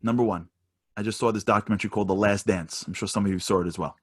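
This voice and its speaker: A man's voice: lowish voice, rapid-fire. A man giving an emphatic motivational talk over a video call, repeating his points with energy. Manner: emphatic, repetitive, animated preacher-like delivery. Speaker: guest speaker.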